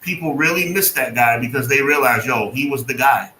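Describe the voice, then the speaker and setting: Brisk, bright and forceful, this mid-range male voice belongs to a co-host of a laid-back wrestling podcast. He talks with emphasis and throws in sarcastic remarks, and the recording picks up an echoey room and faint noise.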